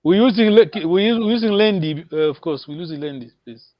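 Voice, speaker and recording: A language teacher runs an online lesson in a fairly high, animated voice, speaking briskly, encouraging his students, repeating words, and laughing often. The recording is dry and a little dull, like a video call.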